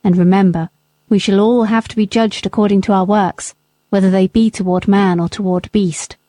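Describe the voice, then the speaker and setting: A principled, middle-aged gentleman squire delivers a firm, measured reproach, read by a woman narrator. The tone is mellow and grave, and the audiobook recording is close and dry. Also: mid-range voice, steady tone, no echo, natural voice. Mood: stern. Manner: stern, measured rebuke. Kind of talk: audiobook character reading.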